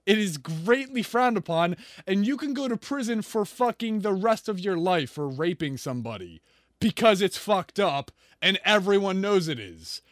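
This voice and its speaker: Man, combative profane commentator, high animated voice, dry close mic. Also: normal speed, no echo. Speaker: reaction video commentator. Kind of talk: ranting commentary.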